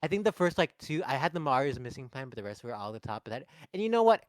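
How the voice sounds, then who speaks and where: Animated goofy podcast guy. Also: mid-range voice, fast talker, dry recording. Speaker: podcast co-host. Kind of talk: casual comedic chat.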